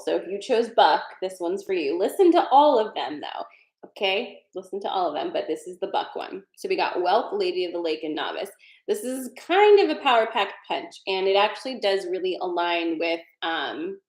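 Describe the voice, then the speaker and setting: A woman hosting a casual live tarot card reading, chatty and digressive, laughing often. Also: mid-range voice. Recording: roomy echo.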